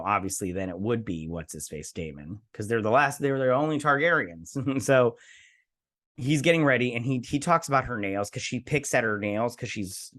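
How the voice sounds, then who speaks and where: A man's voice: mid-range voice, fairly bright tone. A man hosting a TV review show, recapping an episode in a rambling, enthusiastic way with lots of fillers and restarts.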